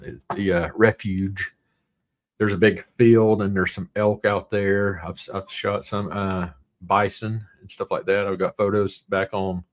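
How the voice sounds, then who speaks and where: Male livestream host with a Southern drawl, gravelly tone, loose and rambling chat. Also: sits low. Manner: rambling, reads viewer comments aloud.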